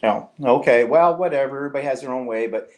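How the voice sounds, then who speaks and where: A man's voice: mid-range voice, fast. Chatty man hosting live. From Canada. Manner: chatty and teasing, reads viewer comments aloud. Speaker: co-host of a live online show. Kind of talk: casual live-stream chat.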